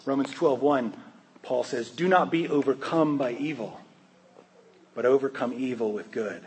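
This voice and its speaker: A man's voice: medium pitch, normal speed, a little mellow, slight background noise, rough recording. A man preaching a sermon in a conversational, joking way, often asking his listeners questions. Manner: conversational, humorous, asks the congregation questions. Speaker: pastor.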